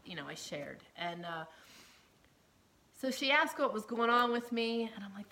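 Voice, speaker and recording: A woman earnestly telling a personal story, emotional and often dropping to a hushed near-whisper, with laughs between phrases. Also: a little high, animated, a little slow, pauses often, a little hiss or hum. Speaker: storyteller sharing her testimony.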